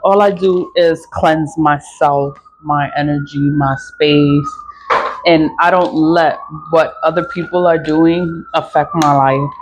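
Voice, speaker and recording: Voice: medium pitch, takes it slowly. Rambling New voice with sirens outside. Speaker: vlogger selling spiritual cleansing products. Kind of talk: casual monologue vlog. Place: home in the South Bronx, street sirens outside. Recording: faint street noise with sirens. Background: faint city street noise and sirens.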